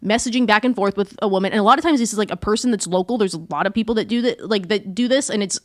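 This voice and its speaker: A woman's voice: mid-range voice, rapid-fire, dry recording, studio quality. A young woman co-hosting a podcast, chatting casually with lots of "like" and some swearing. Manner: chatty, swearing, animated storytelling. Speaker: podcast co-host. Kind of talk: casual chat.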